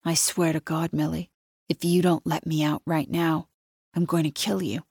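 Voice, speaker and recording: A woman's voice: fairly low pitch, unhurried, no echo, studio quality. Woman doing a trapped man, hissing and desperate. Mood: menacing. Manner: hissing, growling, then pleading desperately. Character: angry trapped man, threatening then begging.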